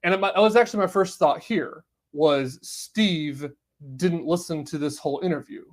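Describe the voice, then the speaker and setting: Male podcast host, slightly high voice, firm and emphatic solo commentary. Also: normal speed. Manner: emphatic, declaring positions point by point.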